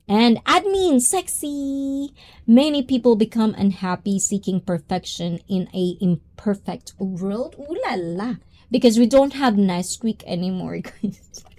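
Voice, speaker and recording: A woman's voice: mid-range voice, warm tone. A young woman, hosting a casual livestream chat in a bubbly, giggly way. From Japan and the Philippines. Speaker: livestream host.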